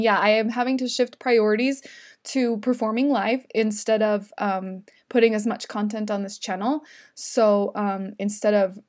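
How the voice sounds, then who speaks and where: A woman's voice: on the high side, darkish tone. A woman hosting a casual livestream from home, chatting in a giggly way and reading viewer comments aloud. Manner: chatty and giggly, with many fillers.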